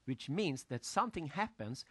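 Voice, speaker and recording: Lively man giving a talk. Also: a little high, moderate pace, breathy edge, dry recording. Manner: animated, storytelling, asks the audience questions; loose, broken grammar. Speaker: motivational speaker. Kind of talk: lecture to an audience.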